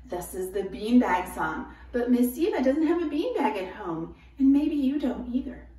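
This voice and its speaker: High-pitched woman leading a kids' song. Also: very animated, mellow. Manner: slow, encouraging, sing-song. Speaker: children's movement and music leader. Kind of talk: children's movement and song lesson. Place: her home. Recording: echoey room, mic at a distance.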